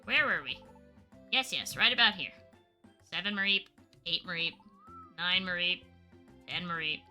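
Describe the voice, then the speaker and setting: A woman voicing a strict bird schoolteacher in a lowered, formal, lecturing tone. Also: a little slow, sharp tone, soft background music.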